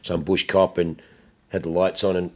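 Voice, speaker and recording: A man's voice: low voice, little pitch movement, moderate pace, warm tone. An Australian man hosting a podcast, chatting casually and rambling through profane stories with laughter. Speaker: podcast host. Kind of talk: casual chat.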